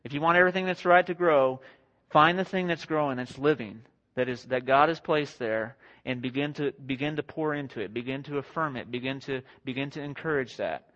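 A young married man preaching a sermon to a congregation in a conversational, self-deprecating way, slipping into quick acted-out quotes. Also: mid-range voice, fairly bright tone. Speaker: pastor. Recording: dull lo-fi sound.

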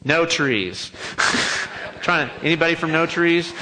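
A man preaches a sermon to his congregation, with a voice a little higher than most men's. He tells the story in a lively, joking way and throws himself into the quoted lines with a raised voice. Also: slow pace, slight background noise, rough recording. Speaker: pastor.

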